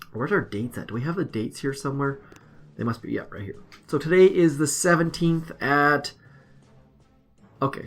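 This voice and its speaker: A man's voice: mid-range voice, gravelly, a bit bright. A man casually commenting as he plays a mobile strategy game, rambling and self-deprecating. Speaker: mobile game video host.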